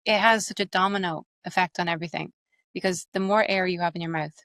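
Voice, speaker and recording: A woman with an Irish accent, an accent coach and actress, explaining her methods quickly and animatedly in an interview. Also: on the low side, no echo. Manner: fast, animated, explains with examples.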